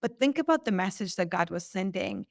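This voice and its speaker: A woman guest on a podcast, telling a personal story with lively acted-out quotes. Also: medium pitch, a little fast, creaky, no room sound, clean studio sound. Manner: animated, acts out quoted lines. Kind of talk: storytelling in an interview.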